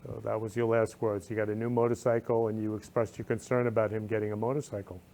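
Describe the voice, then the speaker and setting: A man's voice: on the low side, flat delivery, fast talker, darkish tone, a little hiss or hum. A man hosting a talk show, speaking with emotion and repeating his words with feeling. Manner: effusive, repeats phrases with feeling. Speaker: host.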